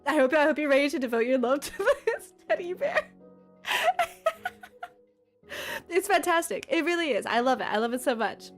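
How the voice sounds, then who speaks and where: A woman's voice: sits high, big pitch swings, normal speed, pauses often, soft background music. A young adult woman streaming live, bubbly and giggly as she reads and answers her chat. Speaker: livestreamer.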